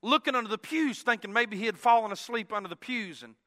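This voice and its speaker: Preacher man, bright high voice, storytelling sermon in a reverberant sanctuary, loud-to-hushed delivery. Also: animated, fast. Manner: swings from loud exclaiming to hushed tones. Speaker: pastor. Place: church sanctuary.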